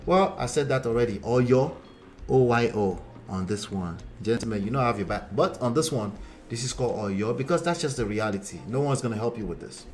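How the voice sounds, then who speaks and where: A man's voice: medium pitch, animated, a little fast. Blunt Nigerian man chatting on a live stream. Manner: blunt, conversational, calls out viewers and 'gentlemen' directly. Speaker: relationship coach and live-stream host. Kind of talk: casual live-stream commentary reading viewer comments.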